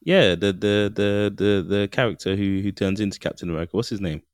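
A young man, co-hosting a casual podcast chat, animated and often laughing. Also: lowish voice, fairly quick, smooth, no room sound, studio quality. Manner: animated, laughing, mimics voices for jokes. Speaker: podcast co-host.

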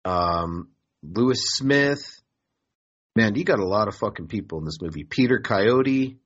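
A man's voice: on the low side, lively intonation, a little slow, lo-fi sound. A man hosting a podcast in a casual, profane, joking way, rambling between topics. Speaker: podcast host.

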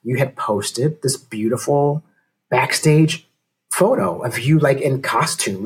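A man's voice: medium pitch, slow pace, husky. A man hosting an interview show, chatting casually, acting out quotes and laughing easily. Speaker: show host.

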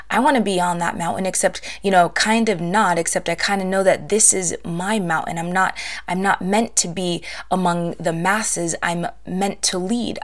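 A woman podcast host giving an impassioned spoken-word monologue, slow and deliberate, swearing freely, with hushed dips. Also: lowish voice.

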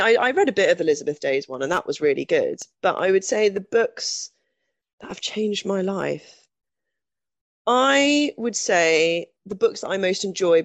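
A woman's voice: lowish voice, no echo. Chatty woman telling her story. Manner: chatty, self-deprecating, frequent restarts and laughs. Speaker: guest. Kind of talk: candid conversational storytelling.

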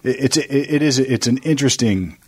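A man hosting a talk show, chatting casually in a halting way and often repeating words. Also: mid-range voice, breathy edge, no room sound. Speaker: host. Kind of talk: casual chat.

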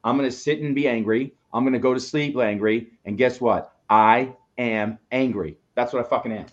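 A man's voice: mid-range voice, fast talker, muffled recording. A man co-hosting a motivational live show, coaching listeners in an emphatic, preachy way and swearing now and then. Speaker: co-host, coach.

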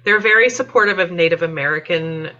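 A woman chats casually on a podcast in a low but bright voice. She talks with plenty of fillers and laughs now and then. The audio sounds slightly muffled. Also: brisk, soft background music. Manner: chatty, laughing, many fillers. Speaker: podcast guest.

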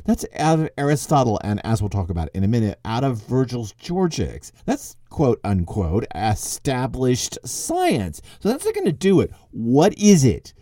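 Animated man lecturing, dark warm voice. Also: mid-range voice, no echo, clean studio sound. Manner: animated, wry, conversational, quick asides. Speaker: podcast host and literature teacher. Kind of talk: lively spoken lecture.

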